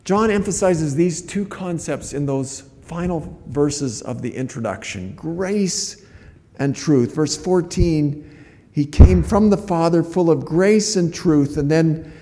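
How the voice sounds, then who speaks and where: A man's voice: fairly high pitch, expressive, takes it slowly, warm tone, big-room sound. A man preaching a sermon as a pastor, earnest and conversational, often restarting his phrases.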